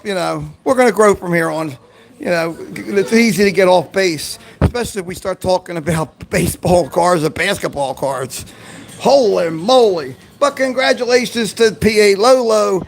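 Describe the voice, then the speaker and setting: Guy hosting a family livestream, kinda high voice with lots of gravel, laid back. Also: poor audio. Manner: easygoing, upbeat sign-offs. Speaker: livestream host. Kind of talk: casual family livestream chat.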